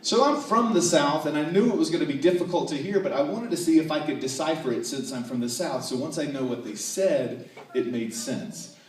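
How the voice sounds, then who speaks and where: A man's voice: fairly high pitch, lively intonation, brisk. A man from North Carolina doing a playful stand-up comedy set, with frequent asides to the audience. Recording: echoey hall, distant mic, faint ambience.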